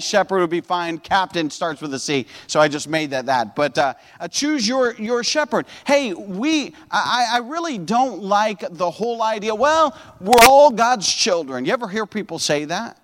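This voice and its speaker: A man's voice: high voice, lively intonation, normal speed, few pauses, a bit bright, long reverb tail. A man preaching a sermon in a church auditorium, earnest, often repeating words and saying uh.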